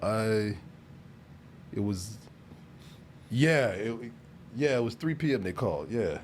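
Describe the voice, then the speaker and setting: A man's voice: fairly low pitch, expressive, slow, a little hiss or hum. A man hosting a podcast, telling stories in a rambling, casual way with restarts and laughter. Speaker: podcast host. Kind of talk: casual chat.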